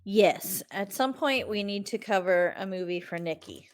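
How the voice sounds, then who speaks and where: A podcast co-host wraps up the episode in casual outro chat, her medium-pitched voice animated and paced normally. She's playful and giggles often, and the recording is dry with clean studio sound.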